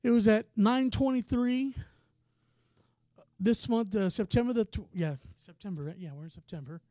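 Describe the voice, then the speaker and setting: A man preaching a sermon in a casual, passionate way, often saying "man" and swinging from quiet talk to shouting. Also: high voice, moderate pace, dry recording, clean studio sound.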